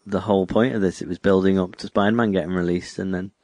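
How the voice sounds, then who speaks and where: A man's voice: deep voice, steady tone, quick pace, warm tone, no room sound. A man co-hosting a podcast, dropping wry, dry remarks in casual chat. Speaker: podcast co-host. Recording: dry close mic.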